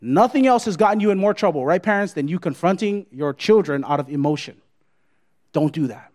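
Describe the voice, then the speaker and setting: A man with a notably high voice preaches a sermon. He talks emphatically, hammering points through repetition and constantly checking in with his listeners. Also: animated, fairly quick, darkish tone. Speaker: pastor.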